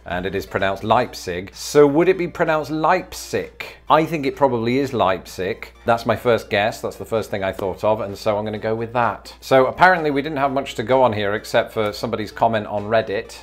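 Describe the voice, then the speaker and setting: A man's voice: on the low side, expressive, a little fast, hardly any pauses, faint music behind. Playful Englishman sounding words out. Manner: playful, repeats words over and over sounding them out. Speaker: YouTube host. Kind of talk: casual vlog commentary.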